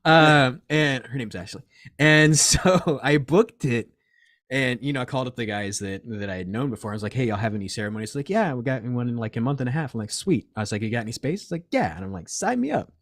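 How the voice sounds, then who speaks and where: A man, a shop owner telling stories in a casual interview, rambling and animated, swearing often. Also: mid-range voice, fast talker, no room sound, studio quality. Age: 40s. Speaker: crystal and reiki shop owner, guest.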